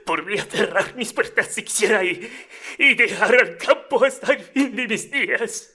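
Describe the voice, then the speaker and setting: A man's voice: high-pitched, expressive, moderate pace, pushed and bright, breathy edge, voice pushed up, full character voice. A man doing Victor, snarky and Castilian. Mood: exasperated. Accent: Castilian Spanish. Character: snarky exasperated grown man, semi-comic. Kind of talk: voice acting audition.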